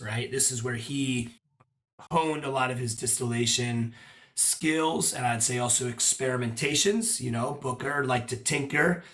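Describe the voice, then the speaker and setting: Guy guest on a podcast, chatty, tells stories, middle voice, corrects himself a lot. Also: mid-range voice. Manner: chatty, storytelling, self-correcting. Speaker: guest, whiskey brand ambassador. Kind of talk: casual podcast chat. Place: his apartment.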